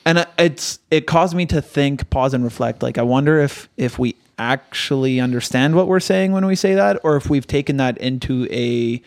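A man's voice: medium pitch, normal speed, hardly any pauses, a little mellow, no echo. A man who preaches, co-hosting a podcast and reflecting aloud in hesitant, thoughtful casual chat. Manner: thoughtful, hesitant restarts, talks through ideas. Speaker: pastor and podcast co-host.

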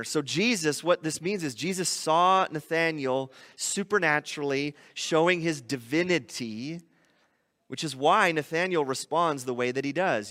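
A man's voice: on the high side, a little slow, pushed and bright, long reverb tail. A man preaching a teaching sermon, talking through scripture conversationally and asking his listeners rhetorical questions. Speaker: pastor. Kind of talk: expository sermon.

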